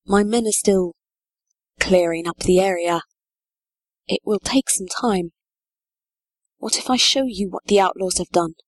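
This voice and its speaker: A woman reading the part of a tired, heavy-hearted medieval sheriff, speaking quietly and gravely. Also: medium pitch, measured pace, pauses often, dry recording, lightly acted. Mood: weary. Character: weary grim medieval sheriff, man, middle-aged.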